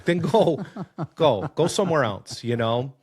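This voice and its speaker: Animated, cursing shop owner telling stories. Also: male voice, fairly high pitch, measured pace, breathy edge. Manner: animated storyteller, swears freely, acts out quoted people. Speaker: auto repair business owner, podcast guest. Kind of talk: casual conversation.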